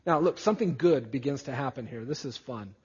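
A man's voice: medium pitch, animated, fairly quick, a little mellow, slightly rough. A pastor preaching a sermon in an earnest, emphatic way and often putting questions to his listeners. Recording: dull lo-fi audio with long hall reverb.

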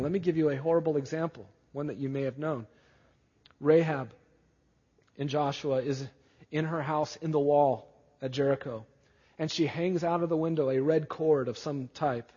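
A man preaches a sermon with earnest emphasis and often turns to his listeners with questions. His voice sits slightly high and sounds a little husky. The recording is dull and lo-fi, with a long reverb trailing through a large hall. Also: fairly even intonation, normal speed, a little mellow. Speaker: pastor.

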